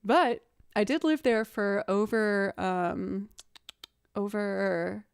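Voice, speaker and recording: A woman's voice: mid-range voice, extremely slow, vocal fry, smooth, no room sound, studio quality. A woman streamer chatting casually on a livestream, telling stories with frequent laughs. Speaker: streamer and musician. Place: home streaming setup.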